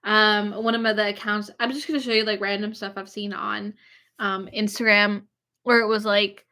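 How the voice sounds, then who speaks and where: A woman's voice: mid-range voice, flat delivery, moderate pace, sharp tone. A woman vlogger chatting casually and rambling, with lots of fillers. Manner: gushing, filler-heavy, rambling. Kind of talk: casual chat.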